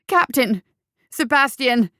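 A scheming, theatrical male coroner, as a woman narrator puts him on for a storybook reading. He hatches plots in low whispers and bellows frantic orders with dramatic flair. The recording is dry and close. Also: brisk, gravelly, no room sound. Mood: frantic shouting. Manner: conspiratorial whispers, frantic shouting.

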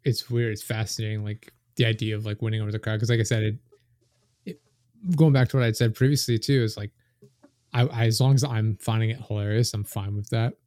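Podcast host guy, low voice, jokey and self-mocking, lots of likes and ums. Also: fairly even intonation, fast talker, a little mellow, no room sound, studio quality. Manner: joking, filler-heavy, self-deprecating. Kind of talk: casual podcast chat.

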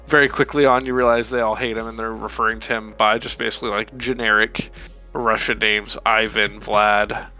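Bright-voiced man in rambling podcast chat. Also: medium pitch. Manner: rambling, swearing, drawn-out emphatic asides. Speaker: podcast co-host. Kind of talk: casual movie review chat.

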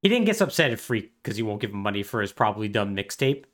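A man's voice: fairly low pitch, big pitch swings, fast talker, fairly bright tone. Wry man retelling a plot. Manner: sarcastic and wry, acts out the characters' dialogue. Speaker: podcast co-host. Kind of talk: casual chat recapping a video game plot.

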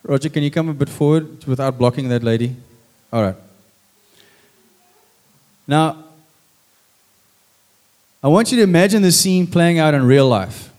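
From a church stage before a congregation, a man preaches a sermon, telling the scripture story dramatically and acting out its lines. His voice is fairly high, unhurried, with long pauses, and his manner is lively and dramatic.

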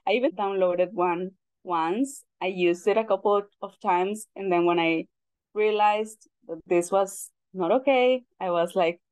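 A woman's voice: medium pitch, unhurried, darkish tone, clear, resonant tone, dry recording. A woman from Mexico with a Mexican Spanish accent, speaking English as a second language and telling her story earnestly as a guest on a panel. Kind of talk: casual panel conversation.

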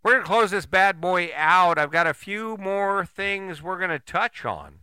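Older male podcast host, blunt and profane, animated pitch, crisp voice. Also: measured pace, no echo. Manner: blunt, swearing, rhetorical questions. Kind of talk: motivational monologue.

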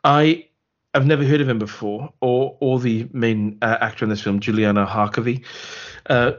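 A man's voice: mid-range voice, steady tone, normal speed. A man co-hosting a podcast, retelling a film's scenes in casual chat with laughing asides. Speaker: podcast co-host. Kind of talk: casual film review chat. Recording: slightly muffled podcast audio.

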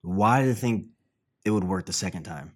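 Low-voiced young man rambling about sports. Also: moderate pace. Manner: rambling, swearing, many fillers. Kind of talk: casual chat.

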